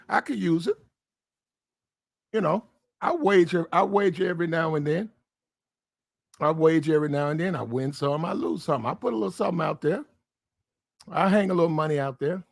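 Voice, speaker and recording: A man's voice: a little high, creaky, no room sound. Dry-sounding man rambling on a stream. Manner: loose, rambling, repeats himself. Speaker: streamer and host. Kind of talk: casual live-stream commentary.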